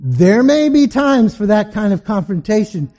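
A man's voice: high voice, sing-song, normal speed, warm tone. A male pastor preaching a sermon in an emphatic, storytelling way.

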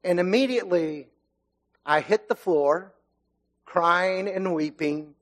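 A middle-aged man preaching to his congregation, his voice sitting a little high for a man. He tells a story from his childhood casually, with fillers, and presses harder as it builds. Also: slow pace, pauses often, fairly bright tone. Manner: conversational storytelling with fillers, growing emphatic. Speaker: lay preacher. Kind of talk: sermon with personal story and scripture reading.

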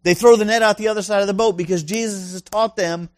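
A man's voice: high voice, fairly even intonation, fast, hardly any pauses, dry recording, studio quality. A male pastor preaching a sermon in an emphatic way, full of rhetorical questions and punchy asides.

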